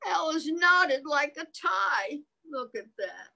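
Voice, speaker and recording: Slow sing-song woman reading to kids. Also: high-pitched, very animated, vocal fry, bright, forceful tone, rough recording. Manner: slow sing-song reading, stops to ask the listening children questions. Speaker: children's storyteller. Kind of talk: reading a picture book aloud to young children.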